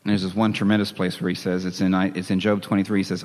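A man preaching a sermon in a dramatic, animated way, with bursts of emphasis. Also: low-pitched, fast talker. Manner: lively, dramatic, reads scripture with emphasis and chuckles. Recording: long hall reverb.

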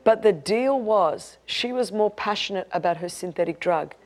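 An Australian woman in her fifties preaching a sermon, passionate and emphatic, moving between rousing declarations and quieter storytelling. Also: mid-range voice, expressive, normal speed.

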